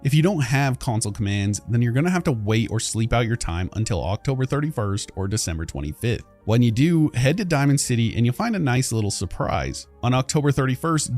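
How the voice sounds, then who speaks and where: A man's voice: mid-range voice, a little mellow. A man reading a scripted video-essay narration in a casual way, speaking straight to the viewers. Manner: casual, addresses viewers directly. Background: background music.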